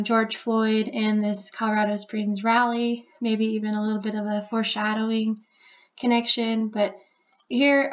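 A woman's voice: on the high side, muffled recording. A woman casually explaining a number theory in a chatty voice-over. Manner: even, chatty, with frequent "like" and "so". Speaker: video host explaining number codes.

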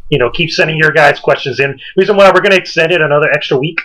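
A man co-hosting a casual gaming podcast, energetic and rambling as he talks. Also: fairly high pitch, racing, poor audio. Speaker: podcast co-host.

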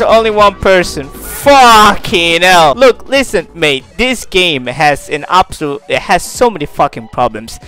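A young man rants his way through a shooter match in a very high, tense voice, cursing constantly and breaking into loud outbursts. His pitch swings wildly from line to line, and game music plays faintly behind him. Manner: ranting, swearing constantly. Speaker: gaming YouTuber. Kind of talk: gameplay commentary.

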